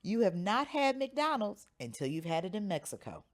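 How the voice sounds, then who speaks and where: Woman co-host, St. Louis accent, casual chat, lively emphatic delivery, mid pitch. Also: normal speed. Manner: chatty, emphatic storyteller. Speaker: podcast co-host.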